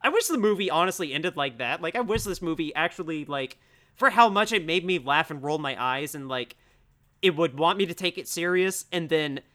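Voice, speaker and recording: A man's voice: a little high, expressive, moderate pace, pushed and bright. A young man co-hosting a casual podcast about films, rambling with lots of "like" fillers and easy laughs. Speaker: podcast co-host. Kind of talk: casual film discussion.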